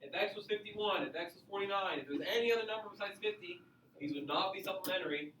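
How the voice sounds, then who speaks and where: A man's voice: high voice, quick pace, a bit bright. Male teacher explaining in an echoey classroom. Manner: explains patiently, repeats key points with "okay?". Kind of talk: classroom geometry lesson. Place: classroom with students. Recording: echoey classroom, mic far off, faint noise.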